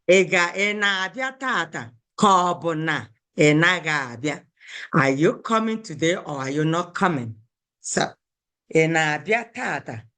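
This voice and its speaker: A woman's voice: fairly low pitch, a bit bright. Patient woman teaching on a video call. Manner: patient, repeats phrases slowly for learners. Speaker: Igbo language teacher. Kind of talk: online language lesson.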